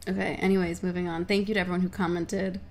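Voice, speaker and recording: Chatty young woman with a gravelly edge. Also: on the low side, fast, a little hiss or hum. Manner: chatty, excitable, swears casually. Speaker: livestreamer answering chat questions. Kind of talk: casual chat.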